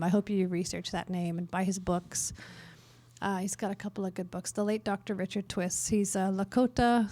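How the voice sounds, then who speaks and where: A middle-aged woman from northern Canada speaks at a worship conference, her mid-range voice recorded close and dry. She tells her stories casually, full of fillers and small self-mocking jokes. She sounds relaxed and speaks freely with her audience. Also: medium pitch, no echo. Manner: lively, self-mocking humor, many fillers. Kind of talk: storytelling in a conference talk. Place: conference workshop room.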